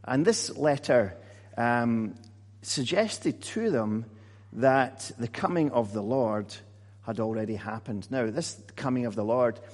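A man preaches in a relaxed, conversational way, with plenty of ums and repeated words. His voice sits at an ordinary pitch, and it rings out with a long reverb through a church hall. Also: slow. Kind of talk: sermon.

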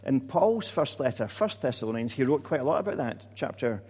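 A man preaches in a relaxed, conversational way, with plenty of ums and repeated words. His voice sits at an ordinary pitch, and it rings out with a long reverb through a church hall. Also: fairly quick, breathy edge. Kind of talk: sermon.

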